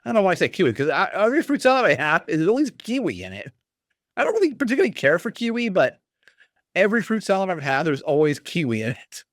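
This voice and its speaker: Animated rambling man tasting whiskey. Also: high-pitched, fast, dry recording, clean studio sound. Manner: rambling, animated, with chuckles and fillers. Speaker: podcast host. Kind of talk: casual whiskey tasting talk.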